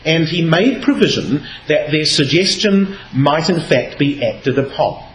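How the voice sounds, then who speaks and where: A man's voice: on the high side, moderate pace, hardly any pauses. A man giving a Bible talk, reading scripture aloud and shifting his emphasis as he explains. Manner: expressive, reads scripture aloud with varied emphasis. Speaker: Bible speaker. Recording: echoey hall with faint noise.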